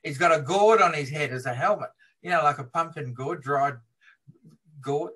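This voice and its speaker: A man being interviewed as a film historian, retelling film scenes in a lively way and laughing as he talks. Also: a little high, moderate pace, breathy edge. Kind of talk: animated interview storytelling.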